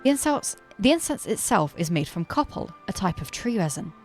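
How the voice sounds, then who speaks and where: A woman's voice: mid-range voice, sing-song, brisk, faint music behind, lightly acted. Spirited young woman adventurer, read by a woman, bold, scheming, plain delivery. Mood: determined.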